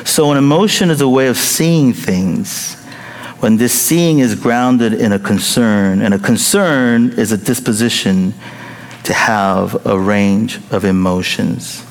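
A man preaching a sermon and telling a personal story, in an animated way with high excited bursts. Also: slow pace. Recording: long reverb of a large hall.

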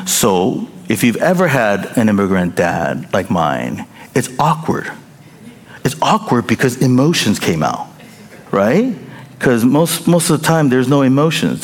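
A man preaching a sermon and telling a personal story, in an animated way with high excited bursts. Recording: long reverb of a large hall.

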